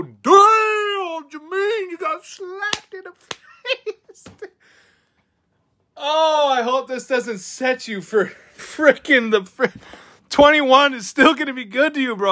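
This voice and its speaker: Opening card packs for his viewers, this young host talks in an extremely high voice. He's excitable and slangy, addressing everyone as dude and bro.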